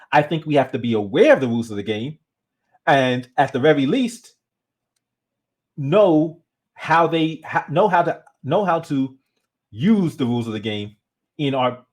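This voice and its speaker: A man hosting his own channel, giving casual commentary in a conversational, animated way and often restarting his sentences. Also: medium pitch. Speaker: channel host.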